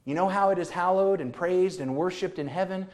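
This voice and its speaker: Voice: medium pitch, a little fast. Emphatic preacher building through repetition. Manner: swings between hushed and loud emphasis. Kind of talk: sermon.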